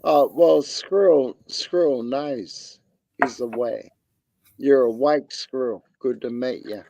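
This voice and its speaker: Australian bloke streamer, drawling and gravelly, crude laid-back banter, dry close sound. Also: male voice, mid-range voice, slow pace, warm tone, dry recording. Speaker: livestream host. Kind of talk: casual chat while gaming on stream.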